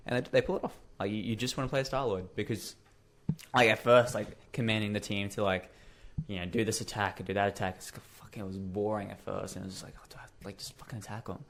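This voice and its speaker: A man's voice: fairly low pitch, fairly even intonation, fast, slight background noise. A man co-hosting a podcast in casual chat, talking with many fillers and repeated words. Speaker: podcast co-host.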